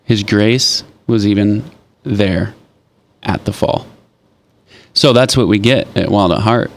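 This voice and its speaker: A man speaking as a guest on a faith talk show, halting and restarting, then turning animated when telling stories. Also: fairly low pitch, creaky. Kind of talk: casual faith chat.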